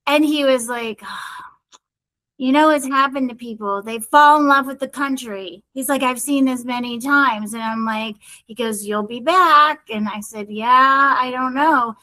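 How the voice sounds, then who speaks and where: A middle-aged woman co-hosting a podcast cheerfully rambles through a personal story in casual chat, often turning to address her brother. Her voice sits high and bright with a forceful tone, moving at a measured pace on a low-quality recording.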